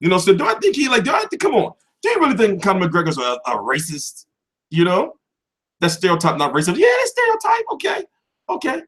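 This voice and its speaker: Profane guy ranting on his boxing stream, higher voice jumping all over. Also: sing-song, fast, a bit bright. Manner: loose, profane, rhetorical questions. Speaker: boxing show host. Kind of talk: casual livestream commentary.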